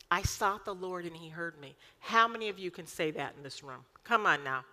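Woman pastor, 40s, bright forceful voice, emphatic sermon delivery. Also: on the low side, fairly quick, few pauses, in a large hall. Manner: lively, emphatic preaching with rhetorical questions.

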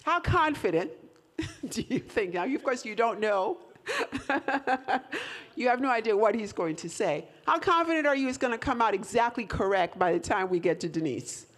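A woman's voice: fairly high pitch, expressive, normal speed. A woman leading a live audience through a whisper game, coaxing volunteers and laughing often. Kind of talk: lively audience participation.

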